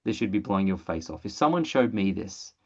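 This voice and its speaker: A presenter running an energetic sales training webinar over a video call, blunt and excitable, swearing casually. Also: sits low, a little fast, husky, muffled recording.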